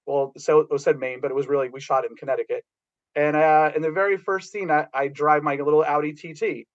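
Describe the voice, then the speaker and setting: A middle-aged man telling rambling, animated anecdotes about working as a background actor, with many restarts. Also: fairly high pitch, brisk, lo-fi sound.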